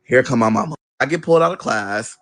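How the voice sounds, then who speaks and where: Animated man telling a family story. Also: medium pitch, fast talker. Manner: animated storyteller who acts out the people he quotes; swears casually. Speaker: guest. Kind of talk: storytelling in a casual interview.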